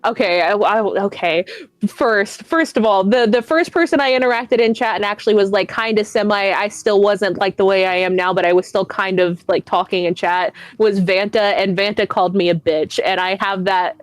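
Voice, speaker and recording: A woman's voice: mid-range voice, normal speed, dry recording. A woman guest on a chat stream, telling stories in a rambling, self-mocking way with a lot of swearing. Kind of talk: casual chat.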